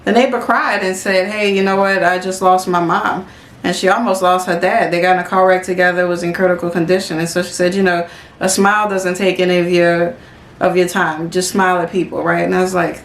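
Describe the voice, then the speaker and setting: A woman's voice: lowish voice, flat delivery, brisk. A woman co-hosting a podcast in casual chat, telling stories full of fillers and retold quotes. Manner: chatty storyteller, many fillers and retold quotes. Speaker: podcast co-host. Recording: roomy echo.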